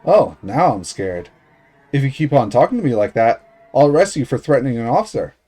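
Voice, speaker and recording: A man's voice: mid-range voice, sing-song, fairly quick, warm tone. A man voicing a sly, teasing older police detective in a game read-aloud, unbothered and mocking.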